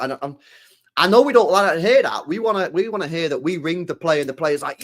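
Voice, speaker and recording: A man from England, talking football on a podcast in a casual, animated way that is full of swearing. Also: a little high, quick pace. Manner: animated, swears a lot, acts out quoted voices. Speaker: podcast co-host.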